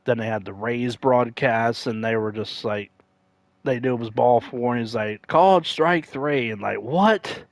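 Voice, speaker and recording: A man's voice: level tone, moderate pace, dry recording. Rambling man chatting on a livestream. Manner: rambling, many fillers and self-corrections; acts out quoted announcers with sudden loud high outbursts. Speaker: livestream gamer. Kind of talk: casual livestream chat.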